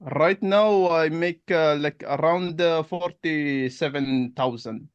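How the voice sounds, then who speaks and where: A man's voice: fairly high pitch, takes it slowly, smooth, dry recording, muffled recording. A man playing a blunt, direct male accountant prospect in a sales roleplay, talking in short, broken phrases. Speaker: roleplay partner.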